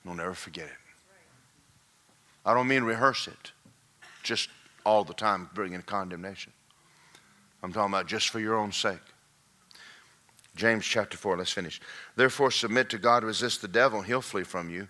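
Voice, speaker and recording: A male pastor preaching a sermon, swinging from folksy joking asides to shouted, singsong climaxes. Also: lowish voice, normal speed, pauses often.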